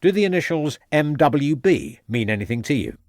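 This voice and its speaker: A man's voice: a little high, sing-song, normal speed, darkish tone, no room sound, studio quality, pitched above the performer's own voice. A man doing a stern police inspector. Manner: firm, threatening questioning.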